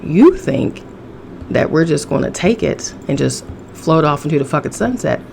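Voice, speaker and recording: Woman, podcast host, sassy, profane, gravelly, chesty cough, faint hiss. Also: sits low, lively intonation, brisk, darkish tone. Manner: sassy, profane, laughing often. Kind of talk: casual solo podcast vent.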